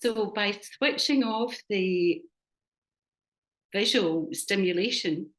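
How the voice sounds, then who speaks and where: A woman facilitating a supervision workshop on a video call, calmly explaining a point. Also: mid-range voice, takes it slowly.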